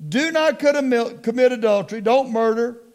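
Man, very high voice, middle-aged, sermon, call-and-response, slow emphatic phrases, hushed asides. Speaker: preacher.

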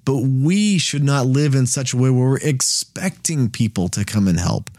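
A man's voice: medium pitch, animated, moderate pace, darkish tone, no room sound. Man, Bible study host, casual teaching, tag questions, restarts, dry close sound.

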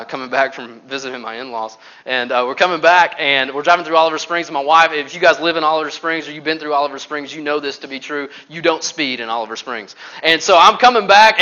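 A man preaching a sermon, telling stories with animated swings from loud to hushed. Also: on the high side, dull audio. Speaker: pastor.

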